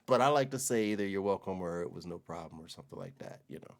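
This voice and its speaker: An American man hosting a reaction video, chatting in a relaxed, slangy way and laughing often. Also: low-pitched, quick pace, vocal fry. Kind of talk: casual reaction commentary.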